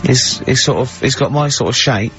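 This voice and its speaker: A man hosting a radio show in a studio, telling rambling anecdotes and breaking into high-pitched laughter. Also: normal speed, fairly bright tone, soft background music. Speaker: radio host. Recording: slightly muffled radio broadcast.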